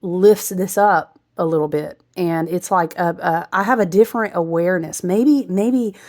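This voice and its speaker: A woman's voice: fairly low pitch, normal speed, a little mellow. A woman giving a rambling, intuitive spiritual astrology reading, breaking into asides and laughs. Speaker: astrology reader.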